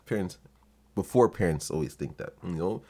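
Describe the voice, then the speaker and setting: Low-voiced young guy on his podcast, cussing a lot, doing little voices of the people in his stories. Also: normal speed, husky. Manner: profane, animated, acts out quoted voices with laughs. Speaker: podcast host. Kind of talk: comedic storytelling monologue.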